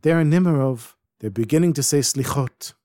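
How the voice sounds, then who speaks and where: Animated male storyteller. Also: medium pitch, moderate pace, no room sound, clean studio sound. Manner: animated, sprinkles Yiddish words. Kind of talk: oral storytelling. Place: Jerusalem.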